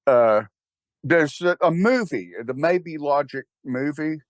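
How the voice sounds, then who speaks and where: A man's voice: a little high, slow pace, dry recording. Rambling older man with a Texan drawl. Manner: rambling, animated, wry and self-deprecating. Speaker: interview guest, church founder. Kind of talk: casual conversational interview.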